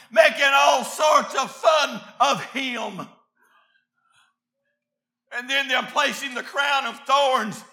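A man preaching a revival sermon, often shouting, then dropping to quiet asides, with many filler "uh"s. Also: extremely high pitch, echoey room.

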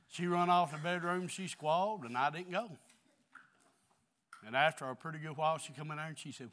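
A middle-aged man preaching in a church, earnest and confessional. His voice sits a little high for a man. He drops to near hush, then rises loud again. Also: brisk. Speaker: pastor. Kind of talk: sermon.

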